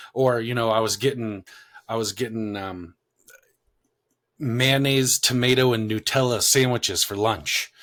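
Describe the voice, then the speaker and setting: A man co-hosting a parenting podcast, telling a rambling personal story full of fillers, getting loud and animated when he quotes himself. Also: medium pitch. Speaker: podcast co-host. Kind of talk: casual conversational storytelling.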